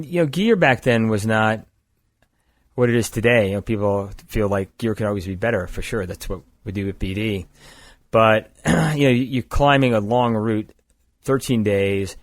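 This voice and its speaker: An older man from the East Coast of the United States tells his story in a steady, matter-of-fact way, his voice sitting low. He is recorded up close and dry, with no room sound, as a guest at a podcast table. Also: no room sound. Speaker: guest, climbing gear company founder. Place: indoors across a table.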